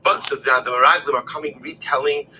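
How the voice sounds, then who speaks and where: Male Torah teacher, expressive with dips into whispers, lots of rhetorical questions, bright ringing tone. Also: a little high, fast talker, slight background noise, rough recording. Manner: expressive, shifts between loud emphasis and hushed whispers; rhetorical questions and repeated phrases. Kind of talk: text-based Torah class.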